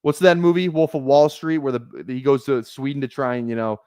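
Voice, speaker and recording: A man's voice: medium pitch, a little fast, dark tone, smooth, no echo, studio quality. A man giving casual live-stream commentary on his fantasy football draft, rambling and correcting himself as he thinks aloud.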